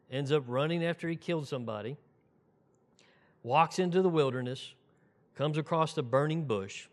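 A man preaching a conversational sermon, dropping his voice low and soft when he quotes scripture.

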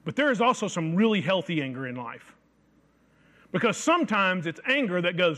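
A man preaching a sermon, reading scripture aloud and slowing down to stress key phrases. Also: high-pitched, big pitch swings, fairly bright tone.

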